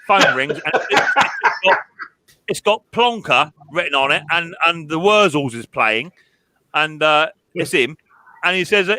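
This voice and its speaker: A high-pitched, bright-toned man chatting on a live stream. He jokes, trips over his words and laughs a lot. The sound is dry and close. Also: no room sound, rough recording. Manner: jokey, stammering restarts, quick laughs. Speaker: host. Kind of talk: casual chat on a live stream.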